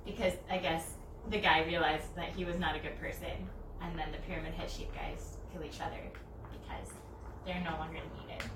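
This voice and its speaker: A young woman chats casually during a craft session, giggling and rambling through a long story in bursts of animated quoted voices. She sits well back from the mic in a roomy, echoing space. Steady noise hangs behind her. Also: deep voice, a little fast. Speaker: DIY crafter. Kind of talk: casual chat. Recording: echoey, distant, noisy room mic.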